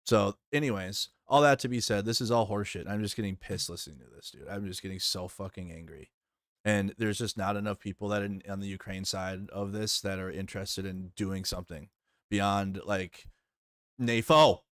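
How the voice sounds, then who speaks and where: Man, mid-pitch, dry close mic, heated profane rant, repeats himself. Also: normal speed, a bit bright, no echo. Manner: heated, swearing, repetitive. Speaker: streamer reacting to news.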